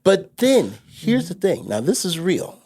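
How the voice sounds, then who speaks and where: A man's voice: high voice, huge pitch swings, a little slow, a little mellow, slight background noise. A man from New York City, a podcast co-host, telling a rambling story full of restarts. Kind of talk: casual storytelling chat.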